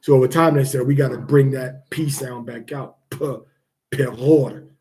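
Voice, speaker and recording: A man teaching the pronunciation of scripture words, repeating each sound slowly to demonstrate it. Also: mid-range voice, steady tone, darkish tone.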